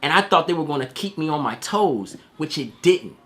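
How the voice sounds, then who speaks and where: A man's voice: fairly high pitch, animated, moderate pace. A man giving a casual spoiler movie review, slangy and profane, acting out quoted voices.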